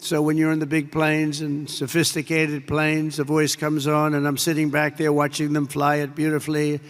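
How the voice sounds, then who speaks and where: Speaking as president to troops in a large air base hall, an older American man gives a rambling, off-the-cuff speech packed with superlatives and asides. His voice is fairly high and monotone at a moderate pace, and the big hall adds long reverb.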